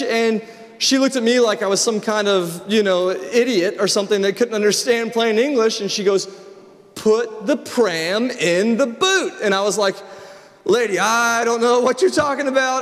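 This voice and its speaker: A middle-aged pastor delivers a sermon, his voice sitting noticeably high. He talks in a relaxed, story-driven way, often restarting phrases. The sound carries a long reverb, as in a large sanctuary. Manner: storytelling, conversational with repeated restarts.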